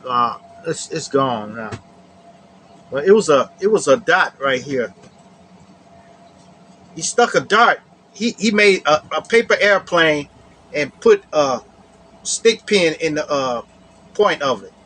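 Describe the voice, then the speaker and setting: Guy with a high voice just talking, telling a story from his life, repeats himself a lot, says "you know" a bunch. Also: lively intonation, slow pace, pauses often, a bit bright, a little hiss or hum. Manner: repeats phrases, often adds "you know". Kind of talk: casual personal storytelling.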